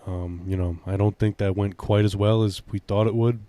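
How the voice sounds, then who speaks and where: A low-voiced, hesitant podcast co-host. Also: male voice, steady tone, warm tone. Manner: hesitant, halting, many fillers. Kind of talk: casual chat.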